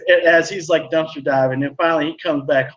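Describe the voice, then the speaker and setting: A man with a fairly high voice rambles through a funny story, peppering it with "like" and restarting his sentences. He sounds loose and conversational, chatting on a live stream. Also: fairly even intonation, fairly quick, highs cut off. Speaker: co-host. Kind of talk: casual storytelling chat.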